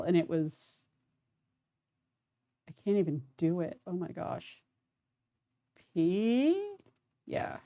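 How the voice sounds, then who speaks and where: A young let's play streamer chats casually while gaming, giving self-deprecating commentary packed with filler words. Her voice is on the low side and warm.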